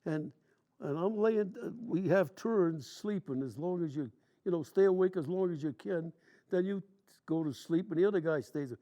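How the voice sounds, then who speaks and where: A man's voice: a little high, normal speed, dark tone. A man in his nineties, a war veteran, telling long stories from memory in plain, rambling, colloquial speech during an interview. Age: 90s.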